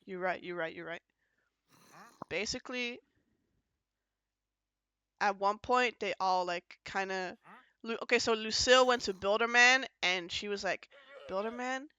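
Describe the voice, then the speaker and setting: Bright, crisp podcast host rambling through a recap. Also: medium pitch, a little slow, long pauses, no echo, poor audio. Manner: rambling, filler-heavy storytelling that jumps between points; acts out quoted lines in shifting voices. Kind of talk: casual podcast recap of a roleplay event.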